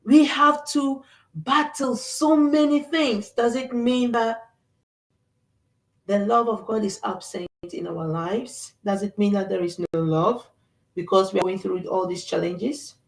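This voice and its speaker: A woman's voice: mid-range voice, fairly even intonation, measured pace. Middle-aged woman host, earnest and reflective, a bit distant from the mic in a roomy space. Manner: earnest, reflective, with many fillers and restarts. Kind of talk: faith-based talk. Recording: echoey room, voice off-mic.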